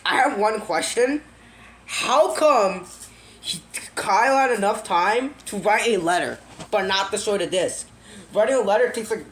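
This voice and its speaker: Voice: medium pitch, slight background noise. A speaker casually retelling a creepy game story, full of fillers, restarts and wry asides.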